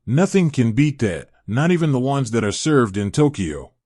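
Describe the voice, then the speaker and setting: Guy doing a kind old man in his 80s, gentle elderly voice, storybook reading, dry sound. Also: medium pitch, very animated, normal speed, dry recording. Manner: gentle, elderly, given to hearty laughs. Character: kindly old man in his eighties, amused and nosy.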